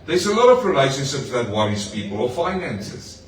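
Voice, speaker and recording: A pastor preaching to his congregation, lively and personal, with playful asides and questions to the room. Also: medium pitch, normal speed. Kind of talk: sermon. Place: church hall. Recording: echoey hall, mic far off.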